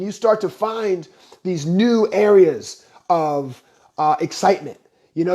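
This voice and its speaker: A man's voice: high-pitched, darkish tone. A man hosting a live-stream talk, coaching viewers with earnest rhetorical questions. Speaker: host.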